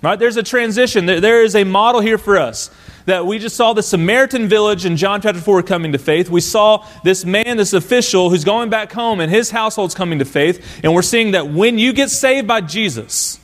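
A man's voice: high-pitched, brisk, a bit bright. A man preaching a sermon as pastor, emphatic and full of rhetorical questions to the congregation.

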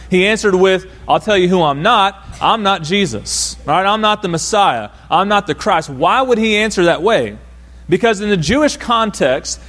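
A man preaches with a fairly high voice, pressing each point through repetition and rhetorical questions. He sinks low and quiet to stress key lines, then lifts again. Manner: emphatic, repeats key phrases, asks rhetorical questions. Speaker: pastor. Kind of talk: sermon.

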